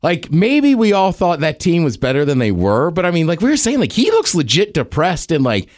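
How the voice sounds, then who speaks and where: A man co-hosting a podcast, chatting loosely about sports, rambling with plenty of "like" and quick laughs. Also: fairly high pitch, wildly swooping pitch, dry recording, studio quality. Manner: rambling, lots of "like", laughs often. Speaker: podcast co-host. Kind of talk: casual sports chat.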